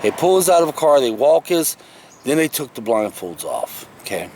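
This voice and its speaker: A male vlogger films himself with a handheld camera in the shade of a tree outdoors, telling a story from his past in a rambling, folksy, casual way and often correcting himself. His voice is medium in pitch with big pitch swings, a little mellow, at a normal speed, with slight background noise.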